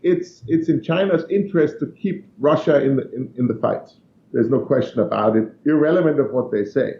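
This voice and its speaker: A man's voice: mid-range voice, fairly quick, gravelly, highs cut off. Blunt man on an echoey remote line. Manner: blunt, emphatic, sarcastic. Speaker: guest. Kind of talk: political interview.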